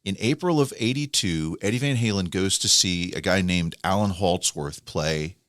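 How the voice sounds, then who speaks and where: A man co-hosting a podcast, telling music history stories in a casual, animated way and acting out quoted people. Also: low voice, moderate pace, no echo, studio quality. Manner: animated storyteller, acts out quoted voices. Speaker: podcast co-host. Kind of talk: casual storytelling chat.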